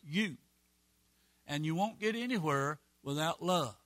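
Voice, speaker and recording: A man preaching a sermon as pastor, folksy and emphatic, with quick repeated phrases and asides. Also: a little high, animated, a bit bright, no room sound.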